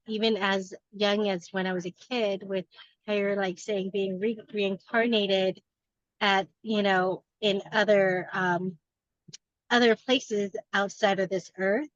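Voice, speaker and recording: A woman's voice: mid-range voice, a bit bright, dry recording, lo-fi sound. A woman in a book club earnestly sharing her personal reflections, rambling a little with restarts.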